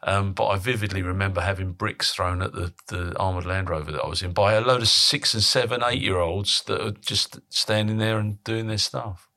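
Podcast host guy, really deep voice but bright and forceful, lots of restarts. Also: moderate pace. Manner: chatty, with frequent restarts. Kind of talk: casual interview chat.

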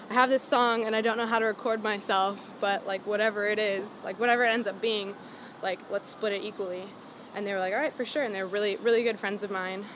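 A young woman, a singer-songwriter, telling her story in a casual interview, full of "like" and "um" and animated retellings. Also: medium pitch, background noise. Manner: rambling, lots of "like" and "um", animated retelling.

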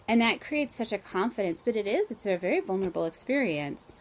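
A woman's voice: medium pitch, lively intonation, a little fast. A woman hosting an interview, speaking reflectively and feeling her way through her words with frequent restarts. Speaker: podcast host. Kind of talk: casual interview conversation.

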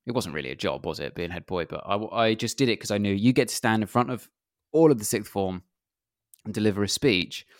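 Low-voiced man telling rambling anecdotes. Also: expressive, fairly quick, no room sound, clean studio sound. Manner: self-deprecating, rambling anecdotes. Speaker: comedian guest. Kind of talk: casual interview chat.

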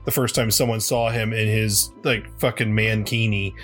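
A man's voice: on the low side, level tone, moderate pace, fairly bright tone, soft background music. Rambling, swearing man in casual chat. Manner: rambling with many fillers and restarts, swears freely. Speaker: podcast co-host.

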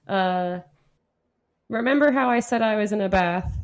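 A woman's voice: mid-range voice, unhurried, long pauses. A woman who is a comedian, a guest on a comedy podcast, talking in a rambling, playful way with many fillers.

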